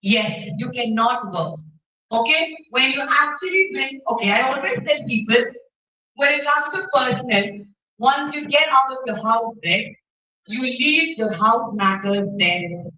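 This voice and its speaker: A woman with an Indian English accent runs an interactive workshop. Her voice is high and bright, and she keeps checking in with her listeners. The sound is roomy, picked up from far off in a hall. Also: normal speed. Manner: checks in with the audience often, demonstrates gestures. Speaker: soft skills trainer. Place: university hall.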